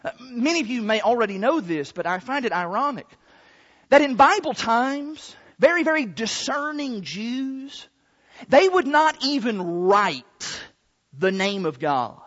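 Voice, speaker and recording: A man's voice: very high voice, sing-song, measured pace, a bit bright. A man preaching a sermon, stretching out key words for emphasis. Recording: long hall reverb, dull lo-fi sound.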